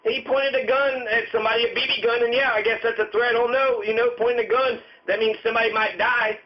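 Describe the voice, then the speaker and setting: A commentator, a man with a very high-pitched voice, delivers a furious, profane rant with repeated lines, talking fast with fairly even intonation. The audio is dull and lo-fi, its top end muffled.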